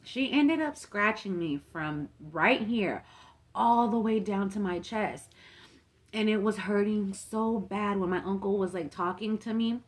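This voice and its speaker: A woman's voice: mid-range voice, a little slow. Chatty young woman telling a storytime. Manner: chatty, filler-heavy, acts out quoted people. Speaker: mukbang vlogger. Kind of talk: casual storytime while eating.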